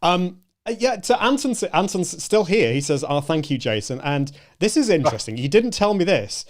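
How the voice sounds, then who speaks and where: A man's voice: a little high, big pitch swings, normal speed. Encouraging man hosting a chat. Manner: encouraging, hesitant with many restarts. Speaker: show host. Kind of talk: casual conversation.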